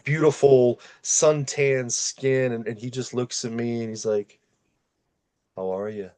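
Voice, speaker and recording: A man hosting a podcast, telling a personal story in a lively, self-deprecating conversational way. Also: medium pitch, a little slow. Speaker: podcast host.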